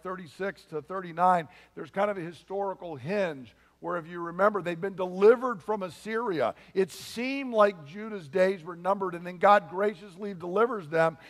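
A pastor preaching a sermon in an earnest, emphatic way, with frequent asides to the congregation. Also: male voice, sits high, big-room sound.

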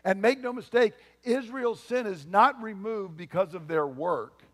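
A pastor preaching a sermon in an earnest, emphatic way, with frequent asides to the congregation. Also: male voice, high-pitched, measured pace, big-room sound.

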